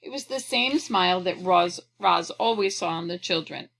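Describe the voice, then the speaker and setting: A woman reading a children's storybook aloud, clearly and expressively. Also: lowish voice, moderate pace, a bit bright, rough recording. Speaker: audiobook reader.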